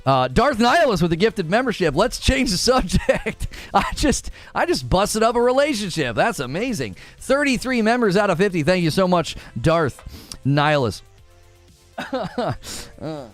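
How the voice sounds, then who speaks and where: Animated laughing streamer man. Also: normal speed, soft background music. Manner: animated, laughs often, playfully mock-quotes people in a high voice. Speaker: livestream host. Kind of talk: casual livestream chat reading viewer messages.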